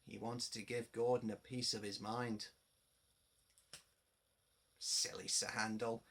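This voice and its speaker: A man reading a storybook aloud to young children, addressing them directly. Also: medium pitch. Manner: slow, animated, addressing children.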